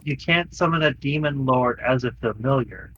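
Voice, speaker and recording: A man playing in a tabletop game, breaking in with slow, hesitant remarks. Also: medium pitch, lively intonation, a bit bright. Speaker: player. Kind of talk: casual game chat. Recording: dull lo-fi mic with faint noise.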